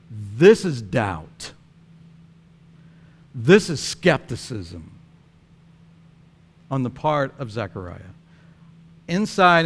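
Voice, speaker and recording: A male pastor delivering a sermon in an animated, storytelling manner, with frequent chuckles. His speaking voice sits somewhat high for a man.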